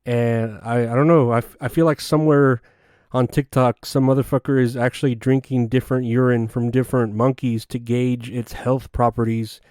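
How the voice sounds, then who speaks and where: A man's voice: mid-range voice, level tone, moderate pace, a little mellow, no room sound, clean studio sound. Man rambling through a crude comedy monologue. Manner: rambling, crude, offhand jokes. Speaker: podcast host. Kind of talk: solo comedic podcast monologue.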